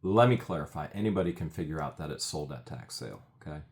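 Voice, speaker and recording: A man with a very deep, low voice co-hosts a casual talk show. He talks emphatically and with indignation, leaning on key words as he lays out his points. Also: lively intonation, fast. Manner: emphatic, indignant, quotes testimony. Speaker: podcast co-host. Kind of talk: casual commentary on a court case.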